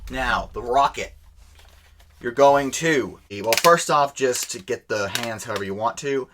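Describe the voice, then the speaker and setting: A man giving a casual, unscripted toy demonstration, rambling and correcting himself as he goes, clearly enthusiastic. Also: mid-range voice, measured pace, background noise. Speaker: toy reviewer.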